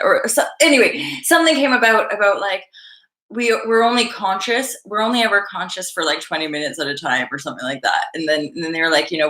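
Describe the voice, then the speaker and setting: A woman's voice: mid-range voice, brisk. Chatty rambling woman, echoey room. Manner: rambling, laughing, swearing, lively and chatty. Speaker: vlog host. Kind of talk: casual chat to camera.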